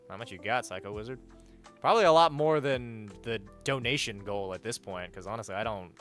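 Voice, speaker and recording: Young male streamer, bright edgy tone, swears a lot, faint music underneath. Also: medium pitch. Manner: animated and blunt, swears freely, rants. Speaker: livestreamer. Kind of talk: casual livestream chat, reading donations and chat aloud.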